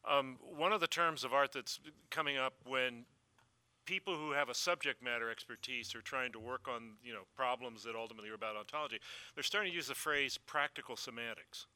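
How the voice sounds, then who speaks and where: A man at a panel offering a quick aside and stammering briefly. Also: mid-range voice, sharp tone, clear, resonant tone, dry recording. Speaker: panel participant.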